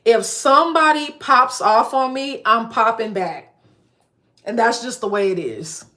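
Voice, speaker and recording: A woman's voice: fairly high pitch, unhurried, sharp tone. A woman in her late thirties talking straight to her live-stream audience, blunt and emphatic, stacking up repeated lists to drive home her point. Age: 30s. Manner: blunt, emphatic, repetitive listing. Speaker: livestreamer. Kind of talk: casual live-stream rant.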